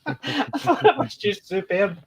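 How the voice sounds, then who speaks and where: With an extremely high voice full of big pitch swings, a man co-hosting a podcast talks slowly and casually about a TV show. He rambles, keeps restarting sentences, and laughs while retelling jokes, and a little hiss or hum is audible.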